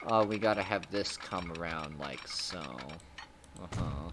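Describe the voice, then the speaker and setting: A man's voice: low voice, unhurried, a bit bright, slight background noise. A man giving casual gameplay commentary as a streamer, rambling and swearing with chuckling asides.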